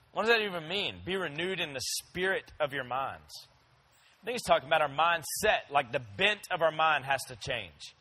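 A man's voice: high voice, pushed and bright, rough recording. A young man preaching a sermon in a conversational, storytelling way, talking straight to his listeners. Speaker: pastor.

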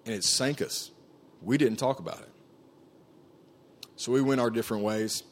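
A man's voice: medium pitch, moderate pace. A man telling his personal testimony to a group in an earnest, conversational way, with frequent fillers and restarts. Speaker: camp staff speaker sharing his testimony.

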